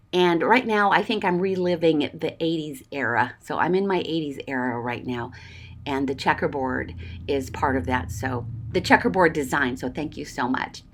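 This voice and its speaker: A woman in her forties chats through a casual craft vlog, gushing with thanks and laughing often. Her voice sits at a middle pitch and swings widely up and down as she talks. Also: fairly bright tone. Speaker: junk journaling crafter. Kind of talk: casual craft vlog, opening happy mail.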